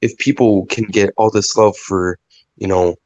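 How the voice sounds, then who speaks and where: A man's voice: on the low side, steady tone, measured pace, darkish tone, dry recording, highs cut off. A man rambling on a podcast as a guest, full of fillers and restarts, with a stuffy nose. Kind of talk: casual podcast chat.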